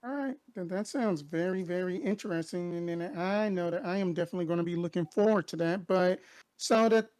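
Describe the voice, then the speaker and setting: A woman's voice: fairly low pitch, a little fast, darkish tone, no echo. A woman on a casual discussion panel, speaking hesitantly with filler words and restarts.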